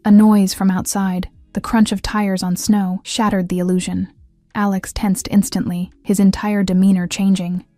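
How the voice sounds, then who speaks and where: A woman reading first-person audiobook narration in an even, measured way. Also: medium pitch, dry recording, studio quality.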